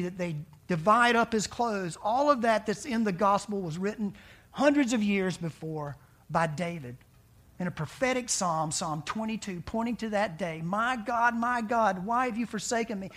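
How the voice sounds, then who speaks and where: A man preaching a sermon in a conversational way, asking rhetorical questions and dropping to a hushed voice for dramatic lines. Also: sits high. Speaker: pastor.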